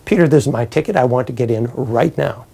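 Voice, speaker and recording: A man's voice: medium pitch, quick pace, gravelly, dark tone, husky. A priest voicing a boastful, scheming man trying to sneak into heaven, in a storytelling sermon. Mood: pleading. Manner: pleading, bragging.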